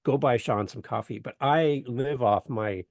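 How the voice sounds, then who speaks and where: A man's voice: medium pitch, unhurried, no echo. A man from Canada, a guest on a podcast, chatting casually and telling stories with jokes. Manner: joking, animated storyteller. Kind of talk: casual interview chat.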